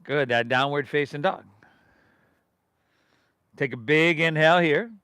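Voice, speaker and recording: A man's voice: a little high, a little slow, bright, forceful tone, smooth, dry recording, studio quality. A middle-aged man from leading a live yoga class, giving rhythmic breath and pose cues with casual, encouraging asides. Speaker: yoga instructor.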